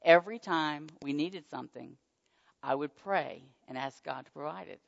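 A woman telling a personal faith testimony in an animated storytelling manner. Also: low voice, moderate pace, creaky. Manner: animated storytelling, squealing excited quotes. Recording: dull muffled sound with long hall reverb.

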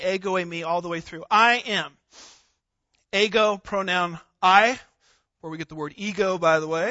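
Male pastor, high bright voice, slow emphatic delivery, dry dull lo-fi sound. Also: dry recording. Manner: emphatic, deliberate, stresses single words. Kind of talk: expository sermon. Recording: dull lo-fi recording.

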